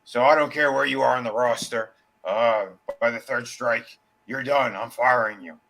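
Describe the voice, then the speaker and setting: A man's voice: medium pitch, moderate pace, vocal fry, fairly bright tone, low-quality recording. A man co-hosting a casual wrestling podcast, telling a long story in a rambling way, with many fillers and restarts and casual swearing. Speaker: podcast co-host.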